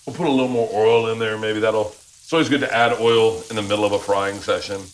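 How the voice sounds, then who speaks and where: A man hosting a comedy cooking show, narrating his recipe and bantering loudly with plenty of swearing. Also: lowish voice, steady tone, fast talker, a little hiss or hum. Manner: loud, profane, laughing banter. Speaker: show host. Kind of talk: casual chat while cooking.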